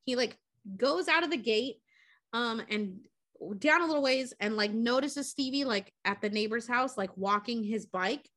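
A woman's voice: a little high, moderate pace. A young woman podcast co-host retelling a movie plot in casual, profane chat. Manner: profane, animated storytelling.

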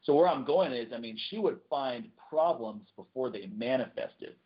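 A man co-hosting a podcast in casual chat, talking in an earnest, relaxed way with frequent restarts. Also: medium pitch, normal speed, slightly rough, muffled recording. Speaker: podcast co-host.

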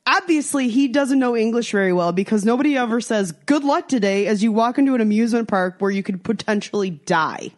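A young American woman chatting on a podcast, telling a story and acting out what people said. She swears freely, and her pitch leaps up whenever she quotes someone. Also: quick pace, few pauses. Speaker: podcast co-host. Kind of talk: casual chat.

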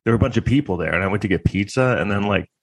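A man's voice: on the low side, rapid-fire, creaky, no echo. A man delivering a rambling, crude, sarcastic comedic monologue.

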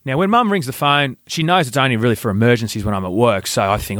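A man, co-hosting a casual podcast and telling an animated story, acting out voices. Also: medium pitch, fast talker, hardly any pauses, dry recording, clean studio sound. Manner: animated, acts out voices in stories. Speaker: podcast co-host.

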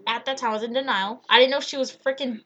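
A woman's voice: fairly high pitch, fast talker, highs cut off. A young woman co-hosting a podcast, telling a funny story in a casual, giggly way, full of "like". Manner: giggly, animated, lots of "like". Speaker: podcast co-host.

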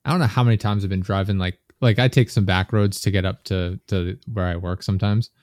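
A man's voice: sits low, steady tone, brisk, a little mellow, no room sound, clean studio sound. A young man, a podcast guest, chatting casually and telling rambling anecdotes with chuckles.

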